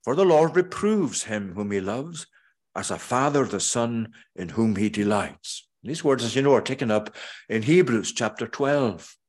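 A pastor preaching a sermon in a measured way, pausing often and slowing for emphatic scripture quotes. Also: male voice, mid-range voice, lively intonation, a little mellow.

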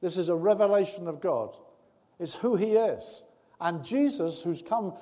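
A man preaching a sermon with earnest warmth, dropping to soft, intimate tones and rising to loud, emphatic bursts. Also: high voice, animated, moderate pace. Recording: long reverb of a large hall.

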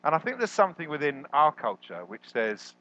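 A man preaching a sermon as a guest, animated and jokey, jumping up in pitch when he quotes people. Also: fairly quick, lo-fi sound. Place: church hall.

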